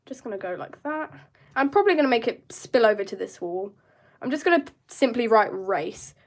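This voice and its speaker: A woman's voice: a little high, expressive, a little fast. A young woman chatting through a live drawing tutorial, rambling and joking with her chat. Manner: chatty, self-mocking asides to chat. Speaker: art streamer.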